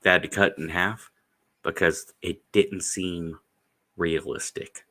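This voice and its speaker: A man's voice: deep voice, fairly even intonation, slow, fairly bright tone. A man hosting a casual stream chat, telling rambling, profane stories and acting out the people in them. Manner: profane, storytelling, acts out quoted voices. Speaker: stream host.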